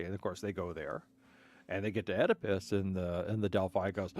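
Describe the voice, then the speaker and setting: A man's voice: low-pitched, fairly even intonation, a little fast. Rambling male streamer retelling myths. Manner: frequent restarts and stammered repeats. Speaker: gaming streamer. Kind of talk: rambling casual storytelling.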